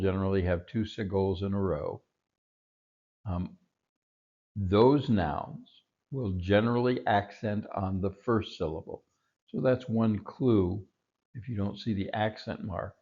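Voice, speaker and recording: A man teaching a recorded Hebrew vocabulary lesson, patiently repeating each word slowly. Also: on the low side, mellow, highs cut off.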